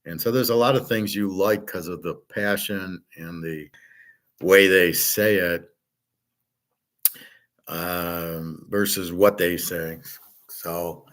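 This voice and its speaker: A man's voice: deep voice, steady tone, takes it slowly, pauses often, fairly bright tone. A man hosting his own show, talking in a blunt, opinionated, rambling monologue full of fillers and restarts. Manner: mimics others in quoted asides. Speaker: host.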